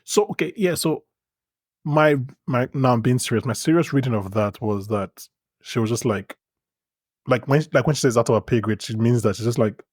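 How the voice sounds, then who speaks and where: A podcast co-host chats casually about a TV episode, often restarting his sentences and laughing easily. His medium-pitched voice is a little mellow at a moderate pace, recorded with studio quality and no room sound.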